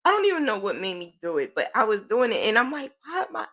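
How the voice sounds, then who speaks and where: A woman hosting a podcast, telling a personal story in a chatty, animated way with informal slang. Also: medium pitch, quick pace. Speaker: podcast host.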